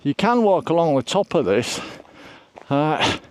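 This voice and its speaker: A man's voice: fairly high pitch, big pitch swings, unhurried, no room sound. An older man vlogging while out hiking on open moorland, chatting away to his viewers in a rambling, self-deprecating way. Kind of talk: casual walk-and-talk vlog. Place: outdoors on open moorland, windy hilltop.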